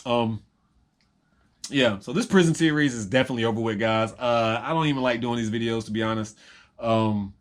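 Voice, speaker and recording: A man talking to camera in a rambling personal vlog, reflective and halting, with many pauses and restarts. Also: mid-range voice. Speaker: vlogger and reseller.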